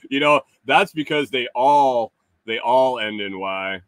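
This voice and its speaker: A middle-aged man hosting a casual live stream, reading chat comments aloud and teasing viewers with chuckles and halting restarts. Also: mid-range voice, fairly bright tone, no room sound.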